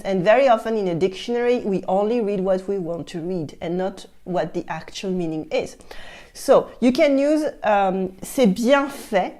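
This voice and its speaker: Lively woman with a French accent. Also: mid-range voice. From France. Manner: lively, emphatic, explaining. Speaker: French teacher. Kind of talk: online language lesson.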